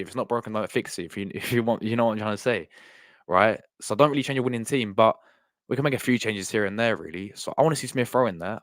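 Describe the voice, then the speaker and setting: A man's voice: medium pitch, no echo. A young man chatting casually on a live stream, rambling and repeating himself as he talks to his chat.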